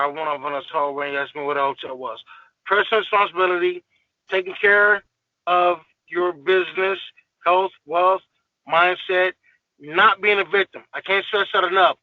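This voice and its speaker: A man's voice: sits high, dry recording, phone-quality sound. A man guest on a podcast, ranting in a heated, profane, emphatic way in casual talk.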